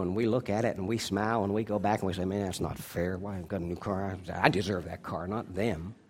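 A male pastor preaching a sermon, moving between loud, drawn-out emphasis and quiet, hushed asides. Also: lowish voice. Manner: stretches key words slowly for emphasis.

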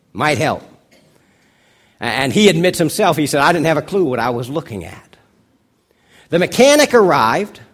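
A pastor delivers his Sunday sermon in a voice pitched a little above the usual for a man. He tells an illustration story and climbs higher and louder when he acts out the dialogue. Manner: storytelling preacher, rises in pitch and volume for dialogue.

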